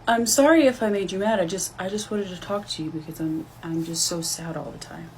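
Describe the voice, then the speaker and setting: A woman voicing a sad, timid young daughter who speaks softly and hesitantly, pleading to be heard. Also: lowish voice, moderate pace, breathy edge, poor audio.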